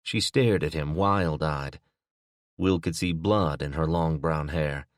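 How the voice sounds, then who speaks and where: A man narrating an audiobook in a steady, even manner. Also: extremely low pitch, takes it slowly, no room sound, clean studio sound. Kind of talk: scripted narration.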